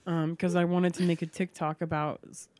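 A woman's voice: lowish voice, flat delivery, a little fast, darkish tone, no room sound. A young woman co-hosting a podcast, telling stories in casual chat with frequent giggles. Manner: giggly, storytelling. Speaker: podcast co-host.

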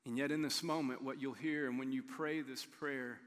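A man preaching a sermon as pastor, earnest, moving between quick storytelling and soft, hushed emphasis. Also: mid-range voice, steady tone, long reverb tail. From Illinois, USA.

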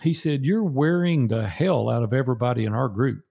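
Gravelly-voiced older man telling a story. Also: mid-range voice, animated, brisk, darkish tone. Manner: earnest, preacherly storyteller acting out dialogue. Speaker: guest. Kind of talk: storytelling in an interview.

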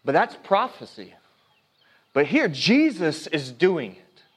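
A male pastor giving a sermon, preaching earnestly, swinging between hushed and emphatic, often stopping and restarting mid-phrase. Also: on the high side, big pitch swings, takes it slowly, husky.

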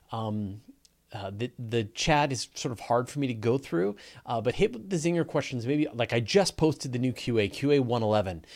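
A man with a Canadian accent hosts a casual live question-and-answer stream. He talks in a loose, rambling way, with plenty of fillers and restarts. His voice sits at a middle pitch for a man. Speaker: host.

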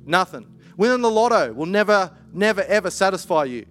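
A man preaching a conversational sermon, animated and playful, with lively asides. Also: high voice, fairly quick, faint music behind.

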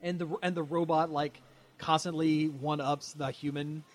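A man's voice: on the high side, flat delivery, normal speed. A man co-hosting a casual chat, rambling with many fillers and frequent laughs. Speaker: podcast co-host.

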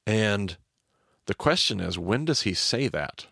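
A man's voice: fairly low pitch, animated, a little slow, gravelly, fairly bright tone, dry recording, studio quality. A man who hosts a podcast and teaches by vivid storytelling. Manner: vivid storyteller, voices the crowd's chants.

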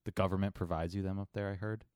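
A man's voice: deep voice, little pitch movement, fast talker, a little mellow, no echo, clean studio sound. A man co-hosting a podcast, talking in a sarcastic, rambling, swearing way. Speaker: podcast co-host. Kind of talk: casual chat.

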